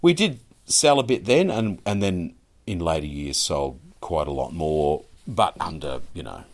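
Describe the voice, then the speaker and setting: A middle-aged Australian man with an extremely deep, low voice hosts a relaxed conversation. He rambles, circling through fillers and restarts before landing his points. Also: measured pace. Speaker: podcast host. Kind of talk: casual conversational interview.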